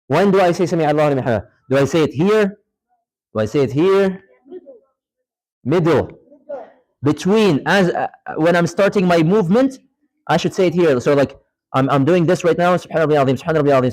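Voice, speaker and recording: A man's voice: on the high side, lively intonation, moderate pace, pauses often, darkish tone, poor audio. A man teaching an interactive religious studies class in a mosque, quizzing students and repeating key points for emphasis. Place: mosque lecture hall.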